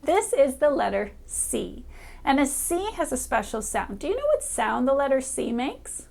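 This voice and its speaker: A woman reading teacher who talks brightly and encouragingly to a young child, sounding out letters slowly and clearly. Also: sits high, sing-song. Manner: cheerful, encouraging, speaks directly to a child. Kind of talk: upbeat children's reading lesson.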